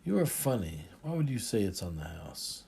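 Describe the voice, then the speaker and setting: A man voicing a calm, earnest driver born in Cameroon in an audiobook, speaking politely and in a measured way. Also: deep voice, vocal fry, slight background noise, full character voice.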